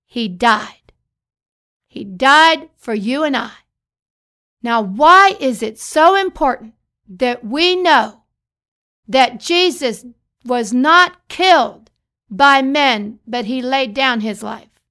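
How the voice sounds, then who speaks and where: Slow, bright-voiced woman preaching. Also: high voice, lively intonation. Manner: slow, emphatic preaching with repeated phrases and scripture readings. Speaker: pastor. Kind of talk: sermon.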